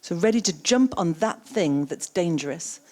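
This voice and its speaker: A keynote speaker and coaching trainer addresses a conference, repeating audience responses back and questioning them in an interactive session on coaching. Her voice is lowish and darkish, animated, and moderately paced.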